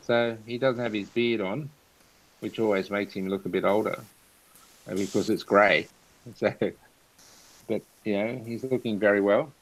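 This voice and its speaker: A man's voice: on the low side, fairly even intonation, a little slow, pauses often, poor audio. A man hosting a casual live chat over a video call, telling anecdotes and laughing often as he goes. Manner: chatty, laughs through anecdotes.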